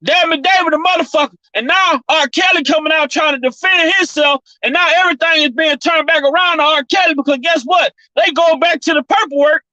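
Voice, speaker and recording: A woman's voice: high-pitched, a little fast, few pauses, bright, forceful tone, dry recording, highs cut off. A woman vlogger delivering a heated, profane opinion rant, repeating her points with fired-up energy. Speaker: commentary vlogger.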